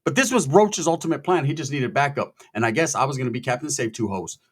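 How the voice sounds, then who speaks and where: A man telling a story in a casual, profane, animated way, acting out the people in it. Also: mid-range voice, fast talker, husky. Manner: profane, animated, quotes people in their voices.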